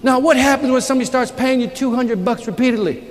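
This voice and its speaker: A man's voice: extremely high pitch, quick pace. A man giving a motivational sales keynote, joking and questioning the crowd with lots of energy. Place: large conference hall. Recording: reverberant hall with audience. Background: audience laughter and murmur.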